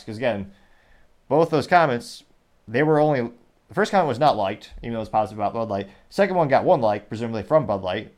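A man from Texas hosts his podcast in a loose, casual way, working through a list of social media replies. Between each one he drops wry, sarcastic asides. His voice sits at an ordinary middle pitch. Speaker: podcast host.

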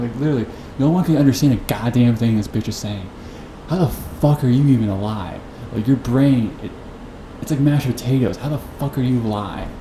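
A man's voice: on the low side, vocal fry. Foul-mouthed man ranting a story. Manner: profane, rambling, incredulous. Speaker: podcast host. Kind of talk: unedited storytelling rant. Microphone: podcast mic. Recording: echoey room with background noise.

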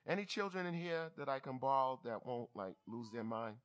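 A bishop preaching a lively church sermon, who talks back and forth with the congregation. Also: male voice, medium pitch, brisk. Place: church service.

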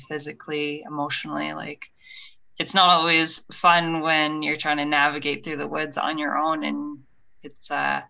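Low gravelly woman, reflective. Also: sharp tone, lo-fi sound. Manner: reflective, meandering with many fillers. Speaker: guest. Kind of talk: casual podcast conversation.

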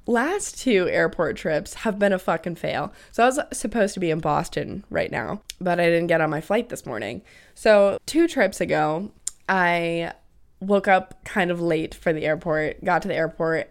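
A young woman in her twenties hosting a casual solo podcast, chatty and peppering her talk with "like" and the odd swear word. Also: on the low side. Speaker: podcast host.

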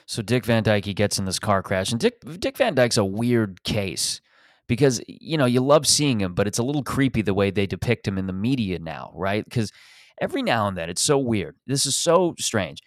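A man's voice: lowish voice, sing-song, moderate pace, dry recording, studio quality. A man hosting a podcast, riffing in a rambling, profane, sarcastic comedic monologue. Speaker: podcast host.

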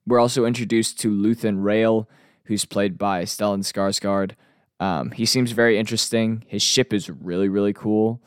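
A man hosting a casual TV episode review, chatty and relaxed with frequent fillers. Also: fairly low pitch, moderate pace, smooth, dry recording, studio quality. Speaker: TV review host.

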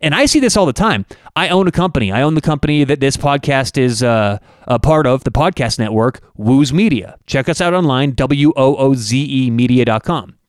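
A man's voice: medium pitch, animated, normal speed, hardly any pauses, smooth, no room sound, studio quality. A man hosting a podcast, delivering an opinionated, emphatic monologue full of rhetorical questions. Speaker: podcast host and network owner.

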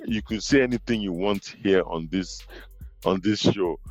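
Man hosting a lively podcast chat. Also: low voice, moderate pace, no echo, soft background music. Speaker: podcast host. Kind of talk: casual conversation.

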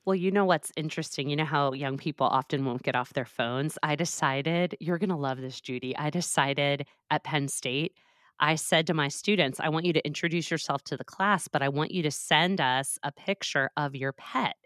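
Low-voiced woman in her forties. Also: moderate pace, no echo, studio quality. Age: 40s. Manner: animated, explains with quoted examples. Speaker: guest, professor and author. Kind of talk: conversational interview.

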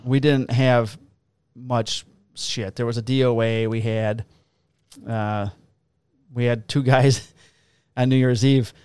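A man's voice: mid-range voice, smooth, no room sound, studio quality. A man, a police officer, casually telling profane, laughing stories about his shifts. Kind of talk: casual storytelling on a podcast.

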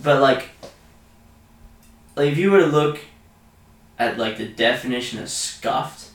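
A man's voice: medium pitch, unhurried, recorded from a distance. A young Australian man co-hosting a casual podcast, ranting crudely with lots of swearing. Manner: crude, animated rants full of swearing. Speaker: podcast co-host. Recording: echoey room, off-mic.

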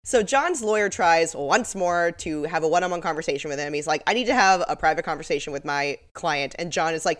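A woman's voice: low voice, fairly quick, few pauses. A woman co-hosting a podcast in casual chat, sarcastic and laughing often. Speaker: podcast co-host.

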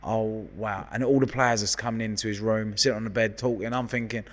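In what sounds like a large hall, a London-accented man in his thirties talks at a quick pace in a fairly low voice. A guest hairdresser, he tells lively stories in casual chat, swearing as he goes.

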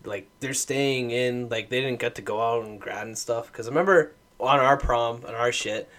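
A man's voice: medium pitch, moderate pace, fairly bright tone. A young man in casual podcast chat, telling a wild story with laughter and swearing. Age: young adult. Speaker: podcast co-host.

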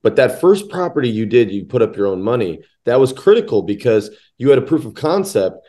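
A man's voice: mid-range voice, very animated, a little fast, dark tone. A man hosting a business podcast, asking questions eagerly and passionately. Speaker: podcast host. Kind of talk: podcast interview.

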